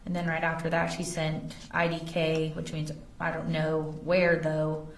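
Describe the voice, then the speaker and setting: A woman's voice: sits low, completely flat delivery, measured pace, slight background noise. A woman testifying as an investigator in a courtroom, carefully reading text messages aloud. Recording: echoey courtroom audio from far off.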